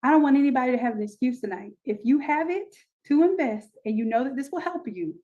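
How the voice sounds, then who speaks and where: High-voiced woman selling on a live stream. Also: fast, highs cut off. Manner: energetic, repeats herself, talks straight to viewers. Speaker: online design class host. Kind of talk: live-stream sales pitch and teaching.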